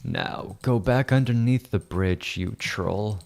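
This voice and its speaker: A grandiose wizard who hands down slow, menacing decrees, as a man puts him on. The voice sits low and gravelly and drags out each word, pompous and all-powerful. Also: darkish tone. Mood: commanding. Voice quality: slow booming proclamations.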